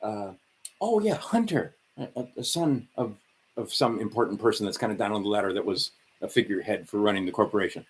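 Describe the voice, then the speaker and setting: A man's voice: lowish voice, animated, fairly quick, breathy edge. A man ranting sarcastically and profanely on a livestream, rambling and tired. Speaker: livestream host.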